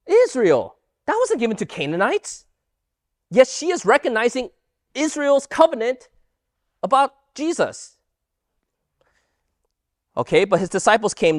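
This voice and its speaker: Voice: mid-range voice, moderate pace, long pauses, dry recording, studio quality. A Bible teacher giving an emphatic lesson and firing rhetorical questions at the audience. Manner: animated, emphatic delivery.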